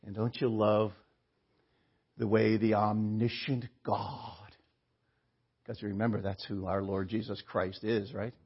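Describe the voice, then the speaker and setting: A man's voice: lowish voice, flat delivery, unhurried, pauses often, slightly rough. A male preacher giving a sermon, earnest and full of rhetorical questions. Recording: dull lo-fi recording.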